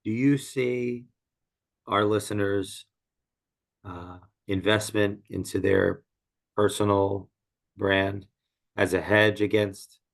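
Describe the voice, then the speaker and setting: Gravelly low-voiced male podcast host. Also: steady tone, slow pace, pauses often. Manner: short affirming interjections, probing questions. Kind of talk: casual interview talk.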